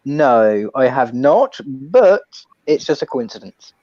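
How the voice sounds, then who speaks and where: Male stream guest, mid-pitched, earnest and measured, dry close mic. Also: sing-song, a little mellow, no room sound, lo-fi sound. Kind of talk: casual chat on a watch stream.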